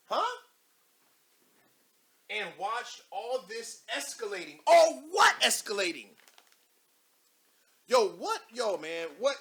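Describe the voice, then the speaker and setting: A young man hosting a live show, giving loud, mocking commentary as he reads posts aloud, laughing and repeating himself. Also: very high-pitched, very animated, slow pace, long pauses, husky.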